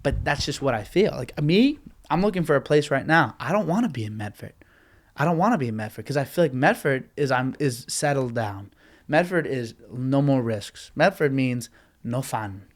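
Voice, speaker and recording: Young man, solo podcast host; rambling, profane, animated rant at a middle pitch. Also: moderate pace. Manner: rambling, swears often, animated complaining.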